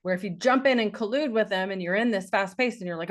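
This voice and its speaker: A woman's voice: mid-range voice, fast talker. A woman life coach giving an earnest, encouraging talk, repeating phrases for emphasis.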